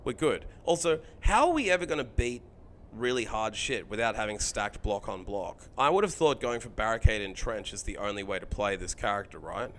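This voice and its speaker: A man streaming a card game live, thinking out loud about his choices, chatting with viewers and swearing freely. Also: on the low side, slight background noise.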